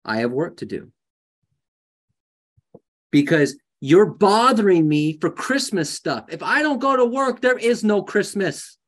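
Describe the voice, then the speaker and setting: A man coaching a live group of real estate agents in a lively, joking way, often acting out conversations. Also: sits high, a little slow. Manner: animated, jokey, acts out conversations.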